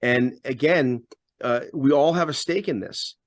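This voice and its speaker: A man's voice: mid-range voice, a little slow, no echo, clean studio sound. A man co-hosting a political talk show, speaking emphatically and stumbling over repeated words as he builds his points. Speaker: radio host and podcast co-host.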